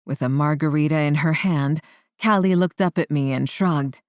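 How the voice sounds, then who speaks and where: A woman reading a romance audiobook in the first person, in a measured way, raising her voice for the characters. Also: low-pitched, no echo, studio quality. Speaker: audiobook narrator. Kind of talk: scripted first-person narration.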